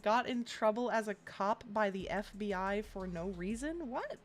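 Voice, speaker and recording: A woman's voice: mid-range voice, normal speed, faint music behind. A woman from Atlanta with a Southern accent, chatting casually as a live-stream host, laughing often between phrases. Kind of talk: casual live-stream chat while gaming.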